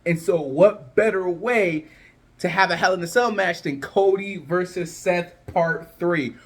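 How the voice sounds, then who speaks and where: Casual vlogger, male, pitched a bit high, rambling and chatty, slightly cracking voice. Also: unhurried. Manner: chatty, loose, lots of fillers and restarts. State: voice cracking a little. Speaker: wrestling predictions vlogger. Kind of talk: casual chat to camera.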